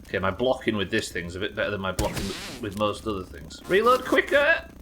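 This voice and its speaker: A man from the UK streaming a survival game live, yelling at the game, swearing, and reading out chat messages. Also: low voice, quick pace, background noise. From United Kingdom. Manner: excitable, swears a lot, yells at the game.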